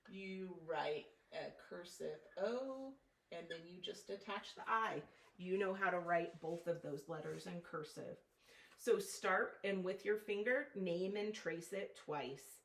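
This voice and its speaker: A woman teacher giving a phonics lesson, spelling letters out slowly and deliberately, recorded from a distance in a classroom. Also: medium pitch. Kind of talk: phonics lesson, step-by-step instruction. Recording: echoey room from far off, faint noise.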